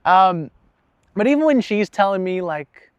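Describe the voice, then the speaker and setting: High-voiced man, candid and profane. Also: very animated, a little slow, clean tone, no room sound. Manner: casual and profane, laughs at himself. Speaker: vlogger. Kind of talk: candid personal monologue.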